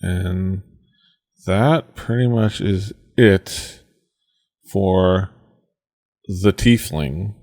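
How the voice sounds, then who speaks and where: A man's voice: deep voice, fairly even intonation, drawn-out words, long pauses, darkish tone. A man running a tabletop game as game master, narrating with many hesitations and restarts.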